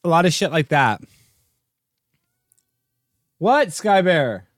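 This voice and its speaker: A man hosting a livestream, rambling and joking, sometimes jumping into goofy high-pitched bits. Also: sing-song, takes it slowly, dry recording, studio quality. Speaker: livestream host. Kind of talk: casual livestream rant.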